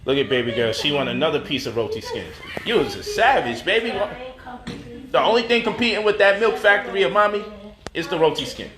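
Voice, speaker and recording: A man's voice: a little high, lively intonation, brisk, a crowd in the background. A man hosting a casual home cooking vlog in his kitchen, playful and teasing as he coos at his baby daughter. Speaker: cooking show host.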